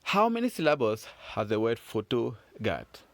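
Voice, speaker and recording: A man teaching French phonics to children in a patient, encouraging way, repeating sounds slowly. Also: medium pitch, sing-song, creaky, no echo. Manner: slow, patient, encouraging, drawn-out repetitions.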